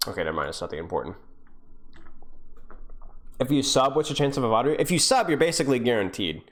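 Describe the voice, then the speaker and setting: A man's voice: mid-range voice, sing-song, fast talker. A young man coaching live on stream, reviewing gameplay in a casual, joking way and answering his viewers. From United States.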